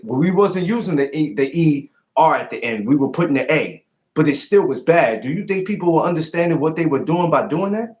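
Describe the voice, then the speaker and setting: A man in a relaxed podcast conversation, his voice sitting in an ordinary middle register. He tells stories with animation and presses his co-host with probing questions. The talk stays loose and casual throughout. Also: mid-range voice.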